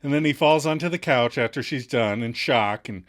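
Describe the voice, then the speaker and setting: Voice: medium pitch, normal speed. A podcast co-host narrating episode recaps in a wry, amused way and laughing often. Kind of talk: casual chat, narrating scene recaps.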